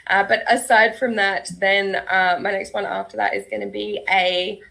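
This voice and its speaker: Bright, chatty Australian woman. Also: medium pitch, level tone, normal speed, vocal fry, low-quality recording. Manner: chatty, laughs often while talking. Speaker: guest author. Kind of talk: casual panel chat.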